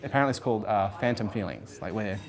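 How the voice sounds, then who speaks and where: A man in his forties tells a long personal story at a quick clip, words tumbling out one after another. He is animated and swears freely, and he slips into the voices of the people in his story. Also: lowish voice. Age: 40s. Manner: animated, swears freely, acts out quoted speech. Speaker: interviewee. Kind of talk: storytelling in an interview.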